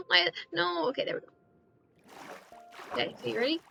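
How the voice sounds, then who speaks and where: A young woman streaming a game, keeping up an excitable, self-mocking running commentary as she plays. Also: extremely high pitch, normal speed, creaky, faint music behind. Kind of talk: casual live-stream chatter while gaming.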